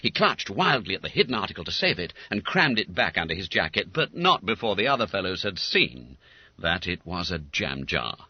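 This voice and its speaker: A man narrating an audiobook in a comic, animated storytelling manner, on a dull lo-fi recording. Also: low voice, brisk, breathy edge. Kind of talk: scripted narration.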